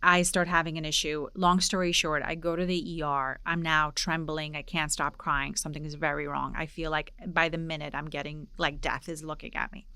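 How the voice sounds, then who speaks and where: A woman in her forties from Poland, hosting a podcast and telling a personal story in a lively way, acting out the dialogue. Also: low-pitched, fairly quick, hardly any pauses, clear, resonant tone, dry recording. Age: 40s. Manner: animated storyteller, acts out dialogue. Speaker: podcast host. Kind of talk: casual interview storytelling.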